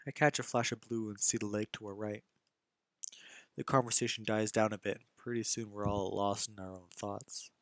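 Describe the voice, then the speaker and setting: A man's voice: lowish voice, steady tone, moderate pace, no room sound. A young man narrating a visual novel in first person, reading casually and often stumbling and restarting lines.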